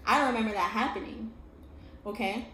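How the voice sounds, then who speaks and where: Speaking a little fast in a fairly high voice, a young woman vlogger recounts a painful part of her life with real earnestness. She keeps checking in with "okay?" while an echoey room hums with constant noise around her.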